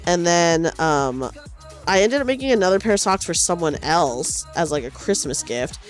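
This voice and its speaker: Faint music plays while a young woman streamer knits and chats casually in a low, animated voice at a moderate pace. She meanders, makes jokes at her own expense, and keeps restarting what she's saying.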